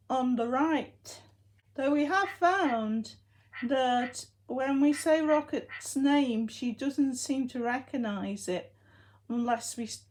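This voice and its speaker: Woman, casual vlog, fond chatty manner, slow delivery, slightly high voice. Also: a little mellow. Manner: chatty, fondly talks to her robot dogs. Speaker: vlogger. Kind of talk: casual home vlog update.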